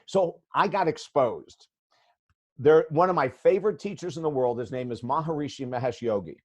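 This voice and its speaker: A man's voice: a little high, normal speed. A man in his sixties, a guest life coach telling a story in a podcast interview, blunt and emphatic.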